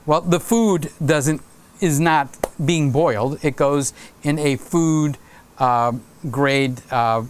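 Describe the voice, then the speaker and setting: A man with a fairly high voice hosts his own livestream at a slow pace, with slight background noise behind him. He rambles casually through anecdotes, laughing at his own stories as he goes.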